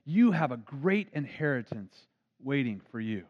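A man voicing a kindly small-town preacher who speaks slowly and gently. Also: mid-range voice, sing-song. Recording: dull lo-fi recording.

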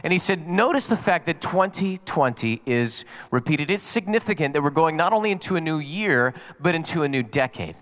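Middle-aged male pastor, high, light voice, storytelling preacher who plays out quotes and jokes. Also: expressive, brisk, hardly any pauses, a bit bright. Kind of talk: sermon.

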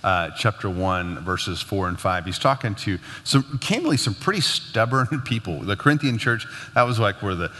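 Guy with a lowish voice chatting through a bible lesson on marriage, loose and easygoing, kinda reverby hall. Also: normal speed, hardly any pauses. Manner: relaxed and conversational, laughs often. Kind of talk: casual teaching talk.

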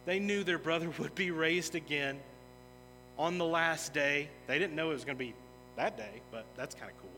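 A man's voice: on the high side, normal speed, bright, forceful tone, slight background noise. A man preaching a sermon as a pastor, earnest and emphatic, building intensity in places. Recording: long reverb of a large hall with music.

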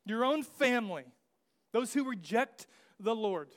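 Young male pastor, high voice, casual conversational sermon with comic asides. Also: animated, measured pace. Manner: jokey, acts out biblical figures in slang asides.

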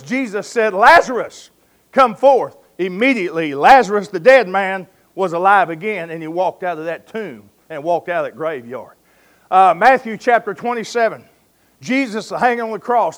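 A man's voice: sits high, fairly bright tone. A man preaching a sermon, telling stories in a folksy way and calling his listeners friend and folks.

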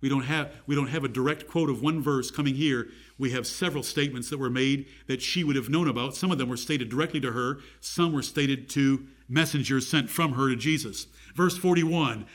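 A man's voice: mid-range voice, fairly quick, hardly any pauses. A man preaching a sermon, reading scripture aloud and asking his listeners direct questions.

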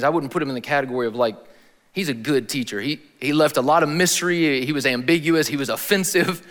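A man giving a sermon as a pastor, in a casual, slangy style with animated emphasis. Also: medium pitch, fairly quick, in a large hall.

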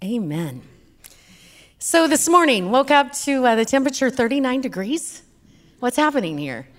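A middle-aged woman from Texas with a Texan accent, giving a humorous church talk as a guest speaker, joking like a lively storyteller. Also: high-pitched, moderate pace.

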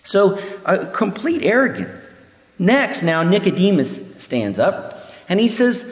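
A man teaching through a Bible passage in an animated way, acting out the voices he quotes. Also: high voice, slow. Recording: echoey hall reverb.

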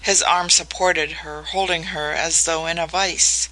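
An audiobook narrator reading a novel in a measured, even way. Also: medium pitch, poor audio. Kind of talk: scripted narration.

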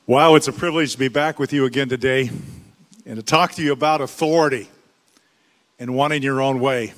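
A man's voice: mid-range voice, brisk. Older man preaching in an echoing church. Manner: storytelling, lively, shifts into character voices. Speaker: guest preacher. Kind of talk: sermon with a told joke. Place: church sanctuary. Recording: church hall reverb.

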